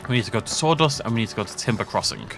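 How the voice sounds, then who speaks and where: A man's voice: medium pitch, expressive, rapid-fire, fairly bright tone, soft background music. A man giving casual gameplay commentary, joking and poking fun at himself. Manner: joking, self-mocking. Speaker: let's play gamer.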